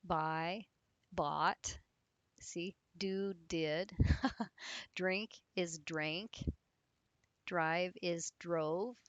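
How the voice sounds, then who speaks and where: A woman gives an English grammar lesson in a slow, unhurried way. Her voice sits a little low, and the sound is dry and close with no room echo. She explains patiently and spells words out letter by letter. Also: fairly even intonation, a bit bright, dull audio. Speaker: English teacher.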